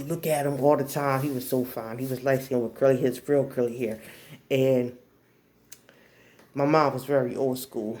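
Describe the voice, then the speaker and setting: Low, mellow-voiced woman in her forties from New Jersey. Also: moderate pace. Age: 40s. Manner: animated, acts out voices in shrill outbursts. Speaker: storyteller. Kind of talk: casual personal storytelling.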